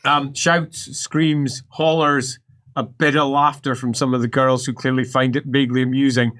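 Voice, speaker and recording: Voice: medium pitch, level tone, moderate pace, a bit bright. A game master, narrating an improvised tabletop game playfully and laughing often.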